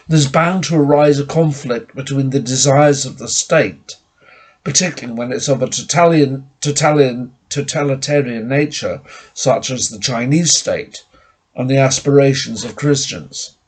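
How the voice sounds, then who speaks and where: A man preaching a formal, measured sermon to his congregation. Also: mid-range voice.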